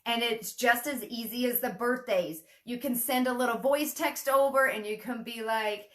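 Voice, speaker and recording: A woman's voice: fairly high pitch, normal speed, fairly bright tone. A woman coaching her sales team in a casual, chatty teaching talk, acting out sample messages in a perkier voice. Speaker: network marketing team coach.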